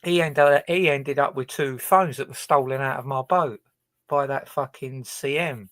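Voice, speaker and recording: A man's voice: mid-range voice, measured pace, a bit bright, dry recording. A man chatting casually on his livestream, rambling and hesitant, swearing heavily as he talks. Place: his own boat.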